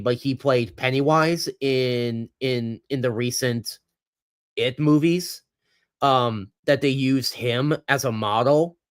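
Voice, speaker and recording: A man's voice: medium pitch, fairly bright tone, smooth, dry recording, clean studio sound. A man hosting a casual livestream chat, rambling and hesitant, with lots of ums and restarts and some laughing at himself. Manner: rambling, hesitant, full of fillers. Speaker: host.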